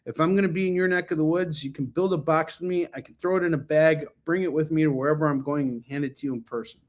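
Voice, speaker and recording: A man's voice: a little high, fairly even intonation, fast talker. An American man hosting a live comic book sales stream, chatting casually and joking, with many ums and asides. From United States. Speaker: host and comic book seller.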